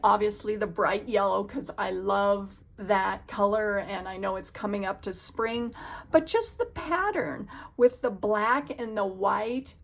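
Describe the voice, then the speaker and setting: A woman's voice: mid-range voice, vocal fry, a bit bright. A woman hosting her own crafting channel from her home craft room, chatting casually and gushing with enthusiasm about her projects. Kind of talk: casual crafting vlog chat.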